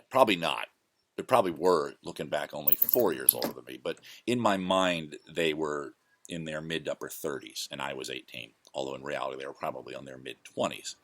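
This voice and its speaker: A man's voice: a bass voice, fairly bright tone, no echo. A man hosting his own show, casually telling rambling, self-correcting stories from his past. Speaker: host. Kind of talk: casual storytelling monologue.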